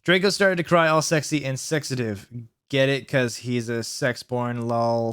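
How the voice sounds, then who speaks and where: A man with a smooth, clear voice and an ordinary mid pitch reads fan fiction aloud, hamming up the dialogue. Now and then he stops to mock the writing or talk to himself. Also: measured pace, fairly bright tone. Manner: reads melodramatically, breaks off to mock and comment. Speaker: channel host reading fan fiction aloud. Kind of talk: comedic dramatic reading with asides.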